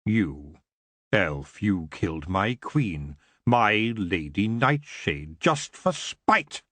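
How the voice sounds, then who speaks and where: Elf king, antlered and cruel, smooth lazy drawl, low and unhurried, read by a male narrator. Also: very animated, fairly bright tone, dry recording. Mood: menacing.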